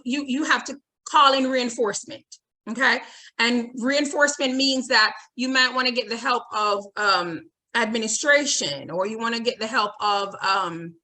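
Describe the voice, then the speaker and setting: A woman with a slightly high, sharp-toned voice presents a webinar training teachers online. She repeats her points, checks in by asking "okay?", and reads audience comments out loud.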